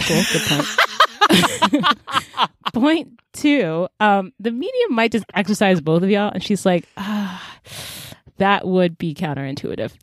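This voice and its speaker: A woman co-hosting a casual podcast, recapping a story with lively acted-out quotes. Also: on the low side, no room sound, studio quality. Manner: animated storytelling, acts out quotes in quick voices. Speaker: podcast co-host recapping a drama. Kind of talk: casual chat.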